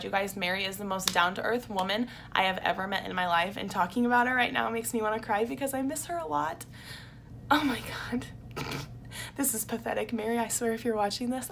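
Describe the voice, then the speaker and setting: A woman's voice: mid-range voice, gravelly, bright, forceful tone, slight background noise. A young woman telling a story in a casual vlog, chatty and openly emotional, with lots of "like". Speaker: vlogger.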